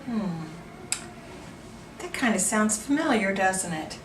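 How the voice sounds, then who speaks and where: A woman reading a children's picture book aloud at an unhurried pace, her voice rising and falling animatedly. She turns to the young listeners with questions. The recording is roomy and distant, with a faint hiss. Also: medium pitch, sing-song. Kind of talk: children's storytime read-aloud.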